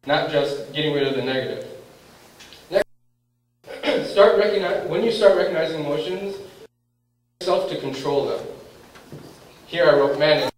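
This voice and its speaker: A man's voice: on the high side, normal speed, pauses often. A man giving a lecture, quizzing his audience and acting out the thoughts going through someone's head. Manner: questions the audience and acts out inner thoughts. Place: lecture room. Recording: very echoey room, voice far from mic, faint background noise.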